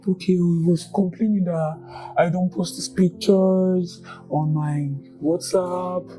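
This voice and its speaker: A woman's voice: on the low side, takes it slowly, soft background music, rough recording. A young Nigerian woman telling her own story in a candid, chatty way, repeating words for emphasis. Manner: chatty and animated, repeats words, mixes in Yoruba and pidgin phrases. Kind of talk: candid personal testimony, casual storytelling.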